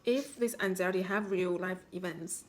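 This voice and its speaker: A woman as a spiritual healing coach, calmly guiding listeners through self-reflection with instructive questions. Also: on the low side, moderate pace. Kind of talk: guided self-reflection talk.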